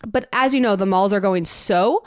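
A woman's voice: medium pitch, moderate pace, dry recording, clean studio sound. A young adult woman co-hosting a podcast in casual chat, rambling along with heavy use of "like.". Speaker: podcast co-host.

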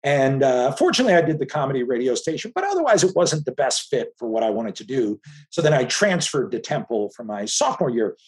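A man in his fifties from the Philadelphia area, a filmmaker guest telling stories in casual conversation with animated restarts. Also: mid-range voice, fairly quick, few pauses. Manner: animated storytelling with frequent restarts.

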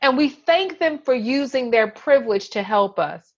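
A woman co-hosting a casual conversation, speaking in a lively, animated way. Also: fairly high pitch, highs cut off. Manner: lively, animated, quick to jump in.

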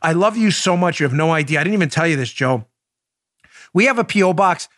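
A middle-aged man from New York hosting a political podcast, firing off sarcastic rhetorical questions with indignation, then dropping into soft, confiding asides. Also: fairly high pitch, animated, fast. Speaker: podcast host. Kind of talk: heated political commentary.

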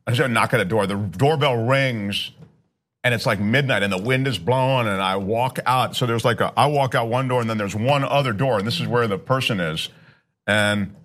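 A man with a mid-pitched voice tells a story in casual chat. He talks at an unhurried pace and restarts his sentences often. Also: a bit bright.

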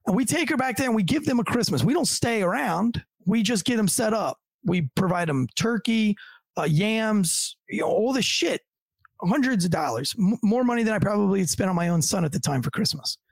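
Gravelly, foul-mouthed cop telling a story. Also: male voice, sits high, expressive, fairly quick, no echo. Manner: profane, acts out the voices of others in his stories. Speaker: police officer telling a story as podcast guest. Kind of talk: casual storytelling.

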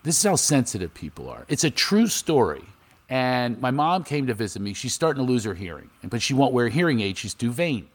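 Speaking briskly in a mid-range voice, a comedian from Philadelphia trades casual interview banter. He's an animated storyteller who performs the different characters' voices in his anecdotes.

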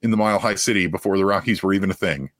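Young man, podcast co-host, animated riffing, lowish voice. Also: very fast, dry recording. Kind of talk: casual sports chat.

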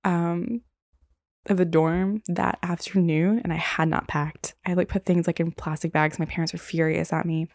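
A young woman hosts a solo podcast in a lowish, darkish voice with fairly even intonation and normal speed, recorded clean in a studio with no room sound. She tells stories casually and ramblingly, saying "like" and "um" a lot.

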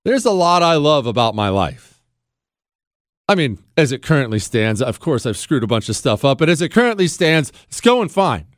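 A man's voice: mid-range voice, big pitch swings, moderate pace, no room sound, studio quality. A man hosting a podcast, delivering indignant political commentary full of emphatic rhetorical questions. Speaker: podcast host.

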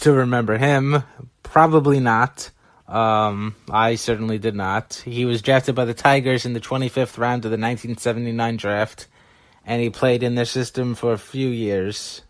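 A man's voice: medium pitch, fairly even intonation, normal speed, no room sound. A man talking through baseball prospects in a casual, analytical way, now and then correcting himself. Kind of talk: solo scouting commentary.

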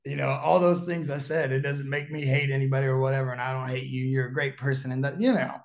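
A man telling an anecdote in casual conversation, animated, laughing often and using many fillers. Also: medium pitch, quick pace, creaky. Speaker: guest storyteller.

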